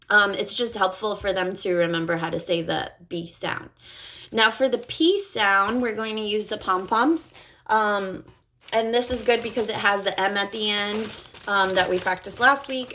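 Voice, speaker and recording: A woman speech-language pathologist coaching parents on home practice, modeling words slowly with exaggerated articulation and cheerful praise. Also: mid-range voice, a bit bright.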